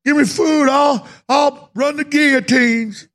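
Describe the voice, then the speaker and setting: A man's voice: very high voice, steady tone, slow pace, pitched above the performer's own voice, exaggerated voice. A man voicing a desperate, sickly vaccinated man who whines and begs for food. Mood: whining. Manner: whiny, pleading, rising to a shout.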